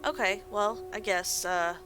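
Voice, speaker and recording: A woman's voice: medium pitch, steady tone, unhurried, over music, low-quality recording. A tired woman casually chatting as she plays a game, rambling and poking fun at her own slips. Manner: rambling, self-deprecating, sleepy. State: tired, yawning. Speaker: let's play host. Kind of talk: relaxed gameplay commentary.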